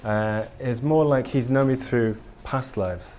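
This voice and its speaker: An Englishman gives a live conference talk and Q&A in a conference hall, candid and enthusiastic, with frequent ums and restarts. His medium-pitched voice is unhurried and a little mellow, over a little hiss or hum.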